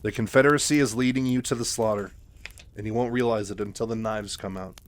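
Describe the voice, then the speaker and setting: A man's voice: fairly low pitch, fairly even intonation, fairly quick, lightly acted. Man doing Kerrigan, scornful rebel woman. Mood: defiant. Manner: scornful, cutting. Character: defiant bitter woman rebel, sharp-tongued.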